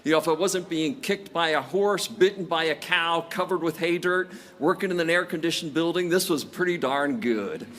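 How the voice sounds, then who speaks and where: A man's voice: on the high side, a bit bright, slight background noise. Older man giving a commencement address. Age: 60s. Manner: storytelling with self-deprecating jokes. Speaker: commencement speaker. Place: large outdoor graduation ceremony.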